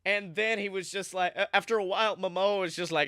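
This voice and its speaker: A man's voice: high-pitched, steady tone, brisk, few pauses, bright, forceful tone, no room sound, clean studio sound. A young man, a podcast co-host, rambling through an improvised comedic story with playful, crude jokes.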